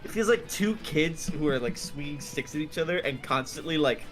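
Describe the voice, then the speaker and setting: A man's voice: fairly high pitch, animated, moderate pace, over music. A man co-hosting a casual podcast, rambling playfully through his points with lots of restarts.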